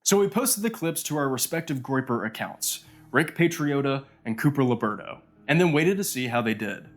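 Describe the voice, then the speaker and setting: A man's voice: medium pitch, animated, normal speed, faint music behind. A man narrating a documentary, sardonic and critical. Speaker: video narrator.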